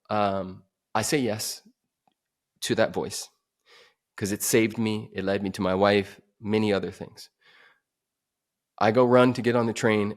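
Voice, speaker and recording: A man on a podcast telling a dramatic personal story, swinging from emphatic to hushed. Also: on the low side. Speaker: podcast guest.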